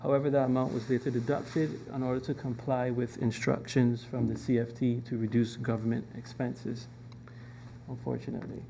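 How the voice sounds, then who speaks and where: Flat-voiced man presenting to a committee. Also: medium pitch, gravelly, slight background noise. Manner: measured, with frequent ums and restarts. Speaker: government department presenter. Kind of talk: formal presentation to a parliamentary committee. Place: parliament committee room.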